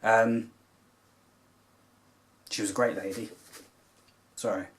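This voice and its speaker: A man's voice: fairly low pitch, flat delivery, slow pace. A man who vlogs about cross stitch talks to camera in a casual, rambling, heartfelt way, with many filler phrases along the way.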